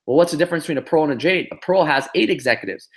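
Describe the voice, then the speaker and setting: A man giving a motivational business talk on a group call, telling a story in an animated way with lots of "you know" and "right?". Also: a little high, racing, slight background noise. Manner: animated storyteller, many fillers and tag questions. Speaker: business trainer.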